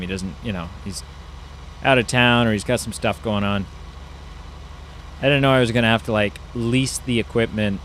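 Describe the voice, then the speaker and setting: A man's voice: fairly low pitch, fairly bright tone, a little hiss or hum. A man giving casual, rambling commentary while playing a farming game, musing aloud with lots of fillers. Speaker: gaming YouTuber.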